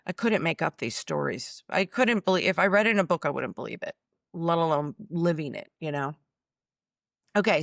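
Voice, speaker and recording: A woman's voice: sits low, creaky, fairly bright tone, dry recording, clean studio sound. A woman speaking bluntly and emotionally about her own illness, filmed in her office. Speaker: chiropractor and author. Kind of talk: personal testimony.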